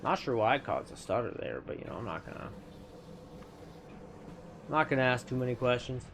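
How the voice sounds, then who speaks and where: A man's voice: medium pitch, lively intonation, a little fast, a bit bright, slight background noise. A man streamer giving casual gameplay commentary in a chatty, playful way, with lots of self-correcting asides.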